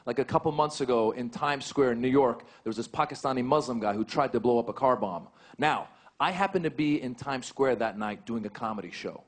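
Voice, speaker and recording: A man in his thirties doing a stand-up comedy set, animated, leaping up in pitch for punchlines. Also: brisk. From United States. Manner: animated, jumps high for punchlines. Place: stage before a laughing audience. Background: audience laughter.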